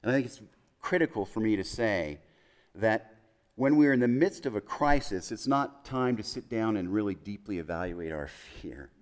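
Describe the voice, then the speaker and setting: A man preaching a sermon as pastor in a chapel, building through emphatic lists and dropping to soft, hushed quotes. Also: on the low side, animated, normal speed.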